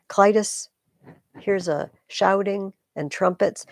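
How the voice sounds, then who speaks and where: A woman's voice: on the low side, normal speed, vocal fry, no echo, clean studio sound. A woman tutor reading a play aloud, stopping to explain each scene in plain casual words. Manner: switches between plain explanation and loud dramatic reading of the lines. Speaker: literature tutor.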